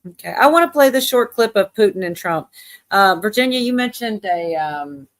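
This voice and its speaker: A woman's voice: mid-range voice, expressive, moderate pace. A woman hosting a livestream, chatting casually and laughing easily. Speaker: livestream host. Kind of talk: casual chat.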